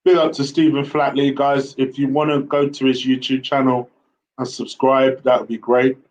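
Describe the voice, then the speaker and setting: A man giving casual football player ratings, relaxed and a little hesitant with many fillers. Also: medium pitch, moderate pace, poor audio. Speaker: host football pundit.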